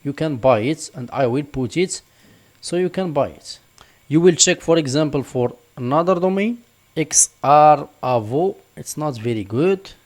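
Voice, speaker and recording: A man's voice: fairly high pitch, lively intonation, unhurried. Man explaining steps in a screen tutorial. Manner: explanatory, repeats "for example" and "just like this". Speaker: online tutorial instructor. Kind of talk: screen-recorded tutorial walkthrough.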